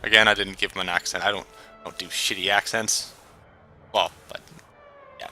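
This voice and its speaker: A man's voice: low voice, flat delivery, moderate pace, pushed and bright, soft background music. A man casually commenting and reading aloud while playing a game, often stumbling over names and joking at his own expense. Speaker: let's play gamer.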